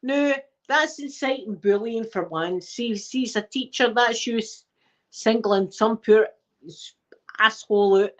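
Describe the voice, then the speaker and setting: A Scottish woman casually telling childhood stories to a live chat in an animated, emphatic way. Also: a little high, a little slow. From Scotland. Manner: animated, emphatic, repeats herself. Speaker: channel host.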